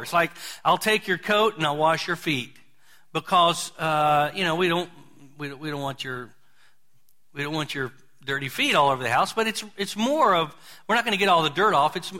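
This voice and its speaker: A man's voice: fairly high pitch, pushed and bright. A man, a pastor, preaching a sermon in a folksy, conversational way, repeating his points.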